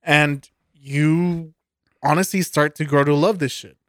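Male podcast co-host, heated and foul-mouthed, slightly high pitch. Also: fairly even intonation, unhurried, fairly bright tone, no room sound, clean studio sound. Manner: profane, ranting, heated. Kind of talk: casual beer podcast chat.

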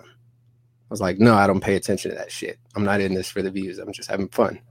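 A man in his thirties telling a story on a podcast, animated and profane, acting out both sides of an argument in quoted dialogue. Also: deep voice, brisk, gravelly, dry recording. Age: 30s. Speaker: podcast guest.

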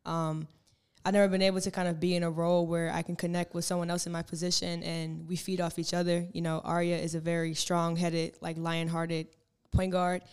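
A young woman, a college basketball player, answering interview questions in a calm, reflective way with many filler words. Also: fairly low pitch, brisk, clear, resonant tone. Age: young adult. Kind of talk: casual interview.

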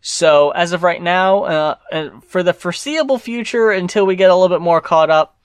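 A man hosting an album review podcast, speaking in a measured, matter-of-fact way as he gives a rating and signs off the show. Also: high voice, clean tone, no room sound, studio quality. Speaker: podcast host. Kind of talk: casual chat and show sign-off.

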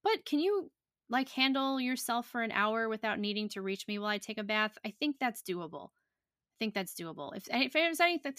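A woman's voice: medium pitch, pushed and bright, no echo. A young adult woman hosting a podcast in casual chat, blunt and profane with lots of fillers, talking on a close podcast mic. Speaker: podcast host.

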